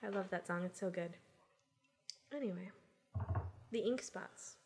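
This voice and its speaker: A young woman co-hosting a casual chat, enthusiastic and laughing often, sometimes trailing off softly. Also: lowish voice, a little slow, breathy edge. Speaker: podcast co-host.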